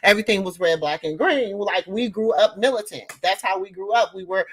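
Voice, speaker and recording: A woman in her fifties hosting a casual commentary, emphatic and animated, repeating lines for effect. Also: mid-range voice, a little fast, breathy edge. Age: 50s. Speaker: host.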